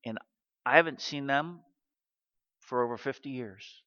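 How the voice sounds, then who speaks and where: A man in his sixties preaching a sermon, animated and acting out the quotes he tells. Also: mid-range voice, measured pace. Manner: animated, acts out quotes in character. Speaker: pastor. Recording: dull recording with long hall reverb.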